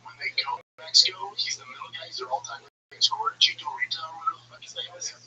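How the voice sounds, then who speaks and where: A man's voice: extremely high pitch, wildly swooping pitch, fast, vocal fry, pushed and bright, distant mic, a little hiss or hum, rough recording. A man hosting a livestream, chatting casually in a rambling, profane way with lots of stammered restarts. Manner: rambling, profane, repeats himself. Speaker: livestream host.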